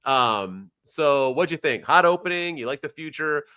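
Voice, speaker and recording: A man's voice: on the high side, expressive, moderate pace, bright, forceful tone, clean tone. A man co-hosting a casual wrestling podcast, talking animatedly and firing off questions at his co-host.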